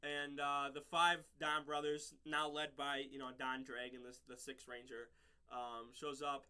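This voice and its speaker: A man's voice: mid-range voice, flat delivery, unhurried, pushed and bright, smooth. A man casually recapping and reviewing a show episode, rambling with lots of fillers and restarts and laughing at his own slips.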